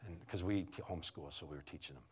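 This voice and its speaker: Male preacher, middle-aged, low voice, chatty sermon with many restarts, from hushed to loud. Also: quick pace, husky. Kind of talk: storytelling sermon.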